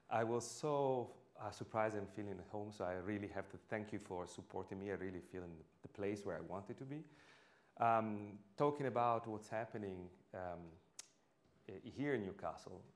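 A man with a low voice and an Italian accent gives a public lecture on stage into a microphone. He talks haltingly, with many fillers and restarts as he searches for words in a second language. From Italy. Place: lecture hall.

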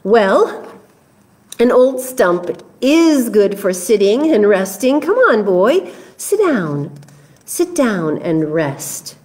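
A woman voicing a gentle, giving tree who grows old, speaking softly and sadly. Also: sing-song, takes it slowly. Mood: tender. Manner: soft, sorrowful, low-voiced.

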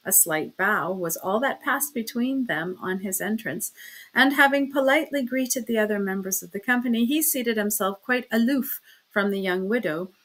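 A woman narrating a classic novel in an expressive, measured audiobook reading. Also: medium pitch. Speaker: audiobook reader. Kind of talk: scripted narration.

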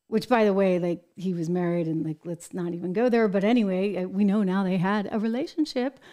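An American woman hosting a political commentary show, talking in an emphatic, animated way with exasperated asides. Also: medium pitch, brisk, few pauses. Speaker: show host.

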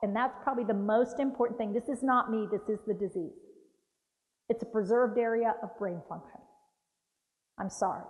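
A woman dementia care trainer giving a lively talk, acting out patient voices. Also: a little high, moderate pace, long pauses. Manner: animated, acts out patient voices. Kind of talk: lively training talk with role-play demonstrations. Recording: dull roomy hall recording.

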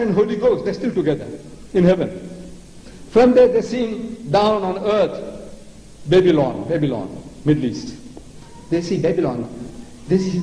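Older male orator from South Africa, sarcastic and theatrical, high warm voice, echoey hall. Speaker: lecturer. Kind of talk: public religious lecture. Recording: echoey lecture hall with faint noise.

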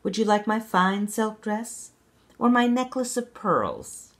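A woman's voice: mid-range voice, sing-song, slow pace, pitched above the performer's own voice. Young fairy-tale princess, spoiled and petulant, voiced by a woman reading aloud. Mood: eager. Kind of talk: children's read-aloud.

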